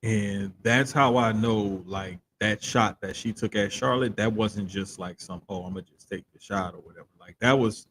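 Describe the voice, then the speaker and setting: A man with a Southern accent co-hosting a casual wrestling podcast, talking in an animated, drawn-out way. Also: lowish voice, a little hiss or hum. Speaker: podcast co-host. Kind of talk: casual chat.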